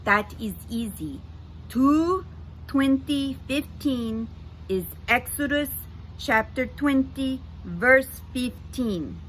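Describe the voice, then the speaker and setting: A woman voicing a holographic old German printer with a put-on German accent, slow and deliberate. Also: high voice, expressive, a bit bright, slight background noise, voice pushed up, heavily acted, poor audio. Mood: obliging.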